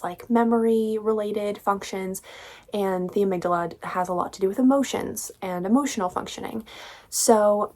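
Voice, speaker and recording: A young woman talks through a book review vlog in a casual, ranting manner. She sounds exasperated and sarcastic, swears freely, and her voice sits at an ordinary middle pitch.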